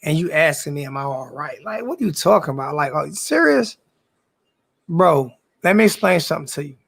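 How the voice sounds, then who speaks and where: A man's voice: a little high, sing-song, brisk, vocal fry, a bit bright, husky. A man who is a sports YouTuber, ranting back at his live chat. He is confrontational, repeats himself, and swears in heavy slang. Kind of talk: live-stream rant to chat.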